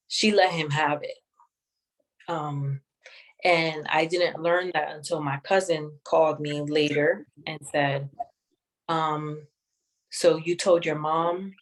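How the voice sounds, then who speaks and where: A woman sharing a personal testimony in an interview, speaking in a measured, reflective way with many pauses. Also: low-pitched, poor audio. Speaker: guest sharing her testimony.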